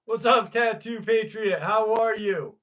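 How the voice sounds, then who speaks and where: Bright-voiced joking livestream host man. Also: high-pitched, a little slow. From New York. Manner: jokey, crude, greets chatters by name. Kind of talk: casual livestream chat.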